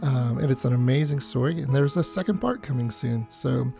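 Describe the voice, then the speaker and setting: A woman hosting a faith podcast, giving its closing remarks with a gravelly sign-off. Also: very deep voice, brisk. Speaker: podcast host. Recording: guitar music playing behind.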